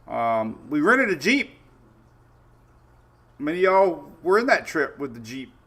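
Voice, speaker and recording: A man hosting a casual weather livestream, greeting viewers by name and telling stories in a chatty, relaxed way. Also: a little high, a little slow, husky. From Florida Gulf Coast. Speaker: weather show host.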